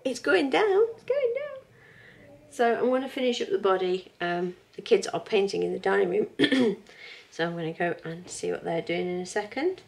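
A chatty woman in her thirties talks at home in a relaxed, rambling vlog. Her voice sits a little low, and she laughs easily between thoughts. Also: a little fast, vocal fry. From England. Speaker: vlogger.

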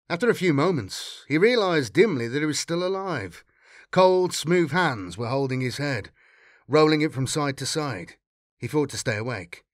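A man narrates a dark science-fiction tale at a steady, measured pace, building drama as he goes. His voice sits in an ordinary middle pitch and the recording is dry and close, with no room sound. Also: dry recording. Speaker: audiobook reader. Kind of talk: fan reading of a sci-fi story.

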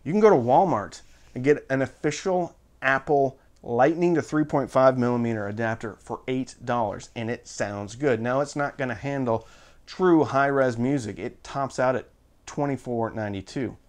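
Guy doing a laid-back gear review, chatty and offhand, mid-pitched voice. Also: normal speed. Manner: chatty, offhand, jokey asides. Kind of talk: casual product review.

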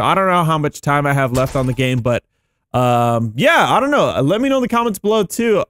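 Excitable man chatting over gameplay. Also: a little high, no room sound, studio quality. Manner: excitable, chatty, thinking aloud. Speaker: gaming YouTuber. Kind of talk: casual gameplay commentary.

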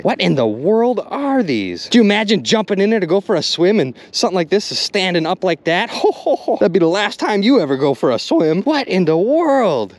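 An excitable man narrates his outdoor fishing vlog by a river, talking straight to his viewers. His voice sits high, and his pitch swoops up and down as he exclaims over each find. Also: no echo. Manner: excitable, addresses viewers as "you guys". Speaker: magnet fishing vlogger.

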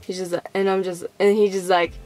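Young woman rambling chattily to camera, like um a lot, mid-pitched voice, faint music behind. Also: level tone, a little fast, darkish tone. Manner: chatty, rambling, many fillers, acts out people's reactions. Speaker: vlogger. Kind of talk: casual chat to camera.

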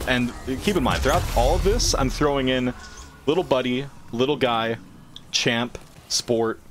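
A gaming streamer jokes, trash talks and swears freely while casually commenting on his gameplay. His medium-pitched voice is expressive and a little fast, with slight background noise.

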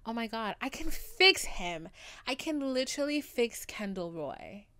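A woman's voice: on the high side, big pitch swings, unhurried, sharp tone. A young adult woman hosting a solo podcast, talking in an overdramatic, gushing and profane way. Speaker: podcast host. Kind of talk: casual solo podcast monologue.

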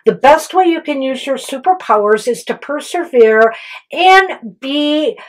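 A woman's voice: sits high, animated, measured pace, rough recording. A woman co-hosting a casual tarot reading, talking loosely with many fillers and self-corrections. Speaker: tarot reader and co-host.

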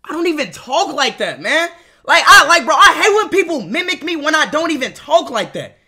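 Loud excitable young streamer man. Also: very high-pitched, fairly quick, faint music behind. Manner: loud, excitable, swearing, sudden shouts. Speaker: livestreamer. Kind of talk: live reaction stream.

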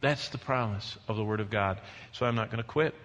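A man's voice: fairly low pitch, a little fast, fairly bright tone. A man preaching a sermon as pastor, earnest and emphatic, building lists of phrases. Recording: long hall reverb.

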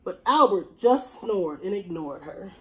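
A woman's voice: medium pitch, unhurried, low-quality recording. Woman reading a picture book to children. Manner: expressive storytelling. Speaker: teacher.

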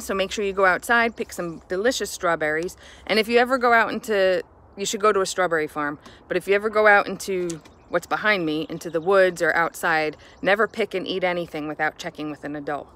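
A woman teacher speaking warmly and directly to children in a friendly, encouraging morning message. She talks in a relaxed, chatty way, recorded outdoors on a porch. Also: fairly low pitch. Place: outdoors on a home porch by woods.

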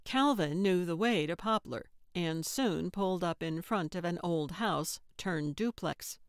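Woman audiobook narrator, measured, deadpan, crisp voice, dry close studio sound. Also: on the low side, dry recording. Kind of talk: scripted narration.

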